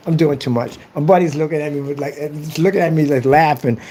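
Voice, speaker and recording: A man's voice: a little high, quick pace, dark tone, slight background noise. A young man in a casual, boastful monologue, taunting his critics. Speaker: vlogger. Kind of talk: casual trash-talk monologue.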